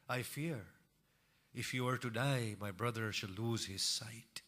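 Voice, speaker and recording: A male preacher delivers a mournful sermon at an unhurried, measured pace. His voice is forceful and pressed, moving between hushed grief and impassioned, rising cries. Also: mid-range voice. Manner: grieving recital that swells from hushed to impassioned cries.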